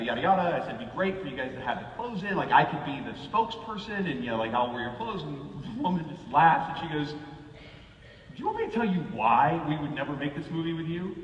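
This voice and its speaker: A man's voice: fairly high pitch, a little hiss or hum. A man giving a comic keynote talk, telling stories and acting out the people he quotes. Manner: animated, acts out quoted people. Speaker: keynote speaker. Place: large event hall. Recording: echoey hall, far from the mic, dull sound.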